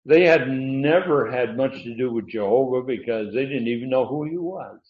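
A man delivering a sermon in a measured teaching voice, stopping often on "uh" and leaning hard on key words. His voice carries through a roomy, echoing space, and the recording sounds a little dull and muffled. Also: medium pitch. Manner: teaching with emphatic pauses, frequent "uh" fillers. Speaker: preacher. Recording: dull, echoey room sound.

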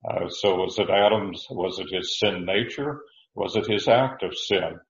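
A man with a very low voice teaches through a Bible passage verse by verse. He speaks haltingly, restarting phrases and clearing his throat. The recording sounds roomy and a bit dull. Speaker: preacher.

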